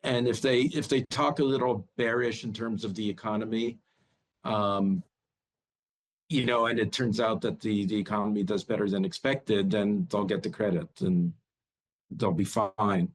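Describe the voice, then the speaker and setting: A man's voice: fairly low pitch, fairly even intonation, moderate pace, rough recording. A man speaking as a bank strategist guest in a news interview, often repeating words as he starts a thought.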